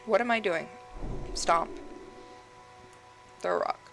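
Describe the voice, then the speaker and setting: A woman's voice: lowish voice, slow pace, gravelly, a bit bright, faint music behind, low-quality recording. A woman gaming creator casually ranting and laughing over gameplay, rambling and swearing freely.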